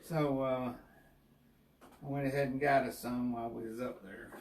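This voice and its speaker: A man's voice: medium pitch, steady tone, moderate pace. A man with a Southern US accent giving an easygoing, step-by-step home cooking demonstration in his kitchen. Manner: folksy, easygoing, explains step by step. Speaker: home cook, co-host. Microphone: distant mic. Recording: echoey kitchen with far-off mic and faint hiss.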